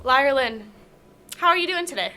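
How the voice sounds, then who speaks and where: High bright-voiced woman podcast host. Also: expressive, moderate pace, a little hiss or hum. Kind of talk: casual comedy podcast interview.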